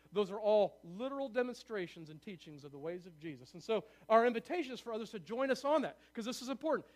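A man preaching a sermon to his church, excitable and fast-talking, often asking the room for agreement. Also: very high voice. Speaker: pastor. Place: church sanctuary.

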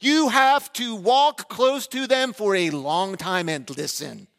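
A man's voice: sits high, takes it slowly, a bit bright. A male pastor delivering a sermon who asks the congregation questions and briefly acts out their replies.

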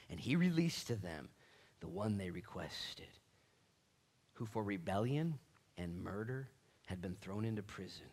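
A male pastor delivering a dramatic sermon, swinging between near-whispers and shouts. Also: on the low side, animated, normal speed, pauses often, breathy edge. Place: church.

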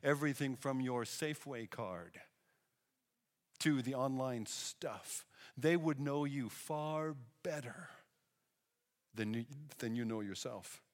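A man preaching a sermon, telling Bible stories in an animated way and acting out the people he quotes. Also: mid-range voice, slow pace, long pauses. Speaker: pastor. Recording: long hall reverb.

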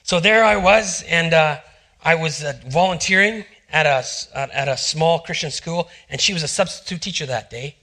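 Animated, bright-voiced male pastor. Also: fairly high pitch, normal speed. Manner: animated, acts out quotes in hushed voices. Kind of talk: sermon with personal storytelling.

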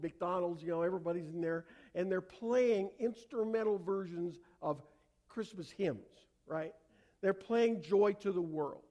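A man preaching a sermon in a conversational way, asking rhetorical questions and dropping to a quiet, slow voice for solemn passages. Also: sits high. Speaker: pastor.

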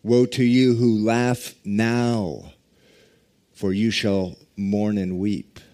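Male pastor, sermon delivery, low mellow voice, unhurried. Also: steady tone. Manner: slow, deliberate preaching with drawn-out emphasis and quiet prayer.

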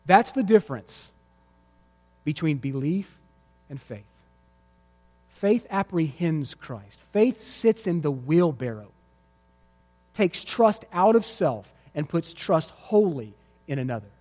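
A man with a notably high voice preaches a sermon in a church sanctuary. His words ring out with a long, lingering hall reverb. He tells vivid stories and drives his points home with emphatic repetition. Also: big pitch swings, slow pace, long pauses, darkish tone. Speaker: pastor. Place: church sanctuary before a congregation.

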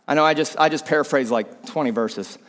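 A man preaching a sermon, animated, sometimes dropping to a hushed voice for emphasis. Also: medium pitch, brisk, long reverb tail. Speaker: pastor.

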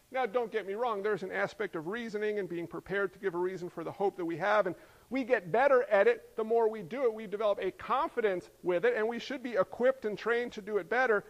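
A man preaching a sermon as pastor, lively and joking, peppering the congregation with rhetorical questions. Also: high-pitched, a little fast. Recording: long hall reverb.

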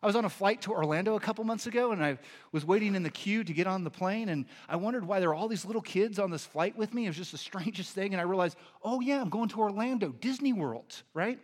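A man, a pastor, delivering a sermon, moving between earnest teaching and animated storytelling. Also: sits high, fast talker. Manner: animated storytelling with lively impressions.

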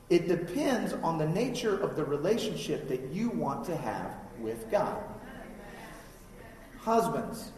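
Conversational preacher in an echoey hall. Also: male voice, high voice, darkish tone, a little hiss or hum. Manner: conversational, asks the congregation questions. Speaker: pastor. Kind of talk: sermon. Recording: echoey hall, mic from far off.

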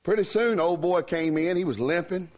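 A man's voice: high voice, normal speed, darkish tone. A man, a revival preacher telling a joke story in a folksy, joking way. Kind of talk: humorous sermon storytelling.

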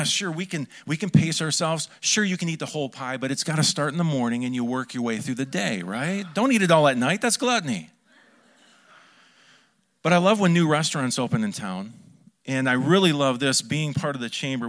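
A male pastor delivers a sermon in a lively, conversational way, cracking jokes and throwing questions out to his congregation. His voice sits at an ordinary middle pitch. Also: fairly quick. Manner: lively, joking preaching with asides to the congregation.

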